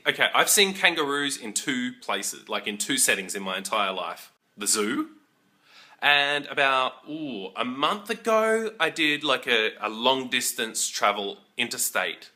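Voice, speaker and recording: Bright-voiced Australian man. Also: medium pitch, a little slow. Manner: chatty, joking, animated with playful mock voices. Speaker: vlogger. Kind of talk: casual chat to camera.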